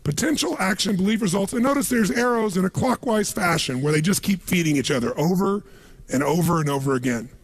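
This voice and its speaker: Gravelly raspy guy fired up at a seminar, high voice, keeps quizzing the crowd. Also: animated, a little fast. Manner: emphatic, calls out questions for the crowd to answer. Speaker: motivational speaker. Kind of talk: motivational seminar talk to a live audience.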